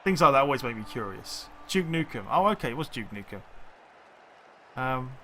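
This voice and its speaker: Bright guy streaming a game, rambly chat, keeps restarting his sentences. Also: medium pitch, sing-song, moderate pace, a little hiss or hum. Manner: rambling, thinks aloud, many restarts. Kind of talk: casual chat while gaming.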